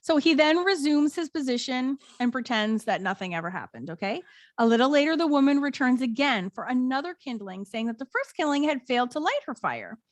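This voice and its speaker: High-voiced American woman telling a folk tale. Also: brisk, no room sound. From United States. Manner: animated storyteller, reads out old tale with put-on voices. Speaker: podcast co-host. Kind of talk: casual chat, retelling a folk tale.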